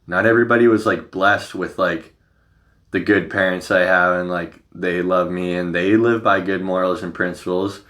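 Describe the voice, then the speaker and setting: A man's voice: deep voice, steady tone, normal speed, a bit bright. A man hosting a podcast in casual chat, rambling with lots of "like" and swearing freely. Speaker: podcast host.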